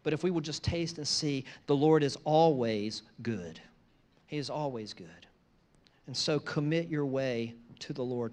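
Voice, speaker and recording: A man preaching a sermon, moving from conversational asides to loud, emphatic repeated phrases. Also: mid-range voice. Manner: conversational asides between scripture lines. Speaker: pastor.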